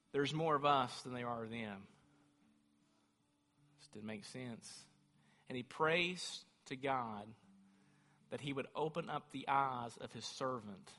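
A man's voice: mid-range voice, bright, forceful tone. A man preaching a sermon as a pastor, speaking with fervent emphasis that rises into emphatic declarations. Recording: long hall reverb.

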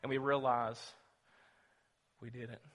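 Forceful preacher in a big hall. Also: male voice, medium pitch, flat delivery, measured pace, slight background noise. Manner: dramatic storytelling, swings between loud and hushed. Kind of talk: sermon. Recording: long reverb of a large hall.

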